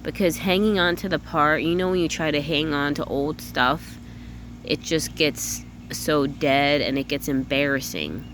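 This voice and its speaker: A woman with a low-pitched voice speaks in a candid, self-questioning way, thinking out loud for her vlog. She keeps checking in with her listeners as she goes. A faint noise sits under the recording. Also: a little slow. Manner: candid, self-questioning, says "you know what I'm saying" often. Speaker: vlogger. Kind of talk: reflective personal vlog monologue.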